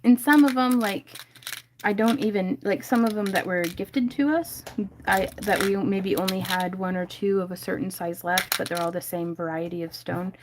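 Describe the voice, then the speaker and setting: A woman's voice: mid-range voice, moderate pace, noisy background. A woman hosting a casual crafting livestream from home, chatting and laughing often as she reads viewers' comments.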